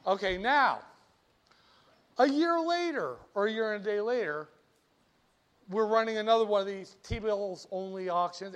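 A man's voice: sits high, measured pace, long pauses. A man teaching finance to a classroom, teasing students and quizzing them with jokes between the math. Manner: joking, teasing students, animated. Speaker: finance lecturer. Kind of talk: classroom lecture.

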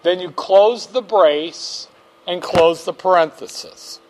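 Male finance instructor, high voice, slow deliberate delivery, wry jokes, patient step-by-step teaching. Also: noisy background. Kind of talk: classroom lecture.

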